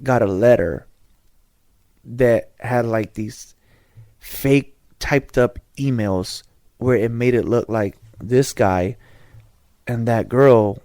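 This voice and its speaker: A man's voice: mid-range voice, slow, long pauses, dark tone, no room sound, clean studio sound. A man hosting a podcast, telling a rambling personal story in casual slang, with restarts and asides. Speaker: podcast host.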